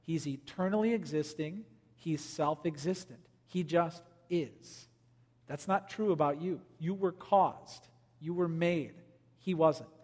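A man preaching a sermon as pastor, swinging between loud emphasis and quiet, low lines. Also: takes it slowly, in a large hall.

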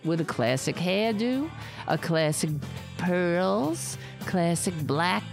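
A woman's voice: on the low side, animated, takes it slowly, creaky, music in the background, pitched below the performer's own voice, exaggerated voice. A woman voicing a smug, self-satisfied older conservative woman in pearls who grumbles about her benefits. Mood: smug grumbling.

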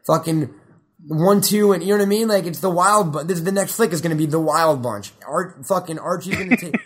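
Young guy ranting about movies, cusses a ton, kinda high voice. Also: fairly quick, slightly rough. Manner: excitable, swears a lot, rambling. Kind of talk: casual chat.

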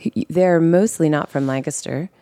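A woman with a low, deep-set voice tells her own story on a podcast, earnest and emotional, catching and restarting her sentences. The sound is close and dry, with no room around it. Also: dark tone, dry recording. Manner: earnest and emotional, with quick self-corrections and restarts. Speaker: guest host telling her life story. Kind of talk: candid personal storytelling on a podcast.

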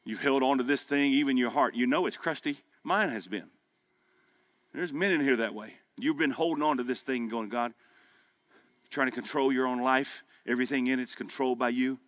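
A man preaching a sermon at a men's breakfast, folksy and emphatic, climbing to loud peaks. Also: mid-range voice, moderate pace. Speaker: pastor. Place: men's breakfast gathering hall.

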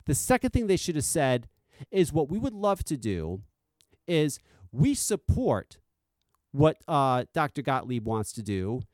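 A man's voice: a little high, darkish tone, dry recording. A man hosting a vape channel, delivering a heated, profane commentary rant. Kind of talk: ranting commentary.

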